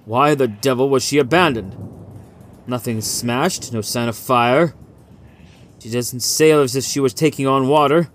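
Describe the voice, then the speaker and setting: A man voicing an older male lighthouse chief who speaks in a calm, dry, matter-of-fact way. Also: mid-range voice, measured pace, natural voice. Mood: puzzled.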